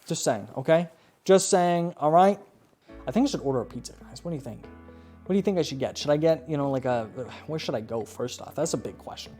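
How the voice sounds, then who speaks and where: Man, ranting host, swears a lot, voice sits a bit high, faint music underneath. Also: lively intonation, brisk, mellow. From Canada. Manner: profane, exasperated, keeps asking "okay?". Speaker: video host reviewing ads. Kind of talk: ranting reaction commentary.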